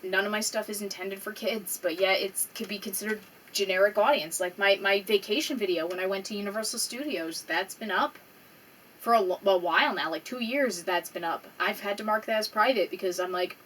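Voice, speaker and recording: A woman's voice: medium pitch, brisk, fairly bright tone. A young woman talks straight to camera in a raw, rambling vlog, swearing and holding back tears. She sits a little back from the mic, with a faint hum of room noise under her voice. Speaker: small YouTuber. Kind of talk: casual vlog. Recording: slightly distant mic with faint background noise.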